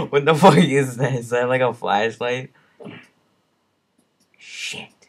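A young man hosting a gaming channel drawls through his gameplay commentary at an unhurried pace. He is foul-mouthed and exasperated, dropping from low mutters to sudden yells at the game. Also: big pitch swings, husky. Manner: profane, exasperated, swings between mutters and yells.

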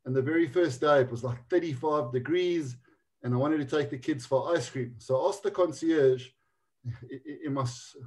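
A South African man in his forties telling a joke as a guest, with halting restarts. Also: a little high, darkish tone. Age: 40s. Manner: jokey storytelling, halting restarts. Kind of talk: casual anecdote.

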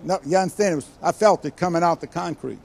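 Animated older preacher, high voice. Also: male voice, fast, vocal fry. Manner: animated storytelling, acts out quoted voices with sudden loud bursts and quiet asides. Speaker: guest preacher. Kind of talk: sermon.

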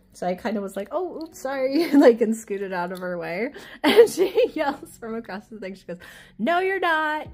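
A woman with a child, her voice medium-pitched and darkish, chats casually while flipping through an oracle deck. She's chatty and giggles often, gets sidetracked easily, and teases herself.

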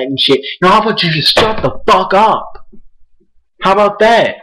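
A man's voice: sits high, moderate pace, a bit bright, poor audio. A young man ranting angrily into his camera, profane and repetitive. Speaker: vlogger. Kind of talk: angry rant to camera.

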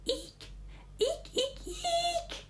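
A woman voicing a tiny pet rat that squeaks high eeks in a storybook reading. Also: animated, very slow, heavily acted. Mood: squeaky.

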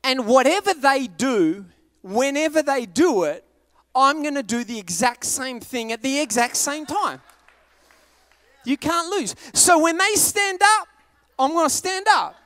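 An Australian man preaches in an animated, self-mocking storytelling style, now and then bursting into shouts as he acts out a scene. His voice sits high for a man. The sound is dry, with almost no room around it. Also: unhurried, dry recording. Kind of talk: humorous sermon storytelling.

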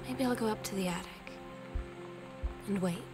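A woman's voice: medium pitch, normal speed, natural voice. A woman voicing a wistful teenage girl. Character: teenage girl, wistful and lonely older sister. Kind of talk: game journal voice-over. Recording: voice-over under game music.

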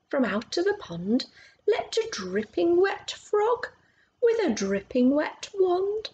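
A woman reading a picture book aloud to children, expressive and stopping to ask about the pictures. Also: very high voice, slow, lo-fi sound. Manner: expressive, asks listeners questions about the pictures. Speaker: storytime reader.

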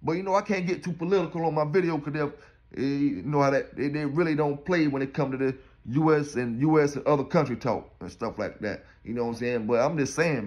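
A man's voice: on the high side, fairly quick, darkish tone. A man from South Carolina, rambling and preaching in streetwise slang in a casual vlog. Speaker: dog kennel owner.

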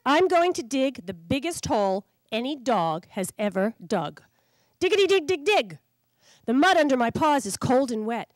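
Woman children's author, reading aloud, animated, higher voice, dry sound. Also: normal speed, hardly any pauses, no echo. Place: public library.

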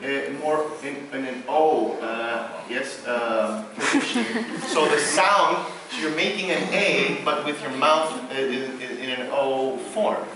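A man with a Venezuelan Spanish accent, a native Spanish speaker, leading a vocal workshop, explaining in halting English full of fillers and breaking into sung syllables. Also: mid-range voice, a crowd in the background. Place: large hall. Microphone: far room microphone. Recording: distant, very echoey hall with background noise.

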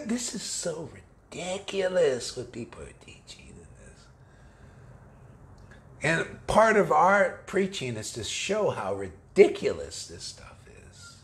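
A man's voice: a little high, slow. A man giving an informal sermon to devotees, slangy and conversational, mocking the views of others. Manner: animated, mocking, acts out quoted voices. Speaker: spiritual teacher.

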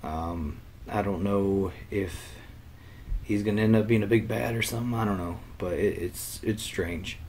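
A man's voice: on the low side, steady tone, a little slow, a little mellow, a little hiss or hum. A man hosting his own channel, casually talking through an episode in a rambling way with lots of fillers and restarts, a little under the weather. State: under the weather, slightly ill. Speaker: channel host. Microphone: computer webcam mic.

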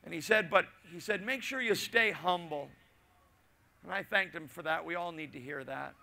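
A middle-aged male pastor preaching a sermon, telling a personal story with asides and repetition, swinging between loud and hushed. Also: on the high side, normal speed, vocal fry.

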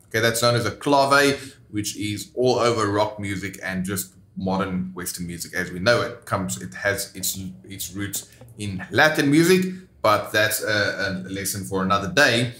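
A man's voice: fairly low pitch, normal speed, pushed and bright. Man counting beats in an echoey room. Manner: explains steps plainly and counts beats aloud. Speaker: guitar teacher. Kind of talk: instructional lesson.

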